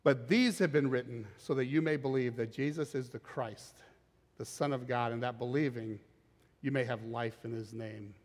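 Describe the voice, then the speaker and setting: A man preaching a sermon as pastor, animated and acting out scripture quotes in dramatic voices. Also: medium pitch, moderate pace. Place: church auditorium. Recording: long reverb of a large hall.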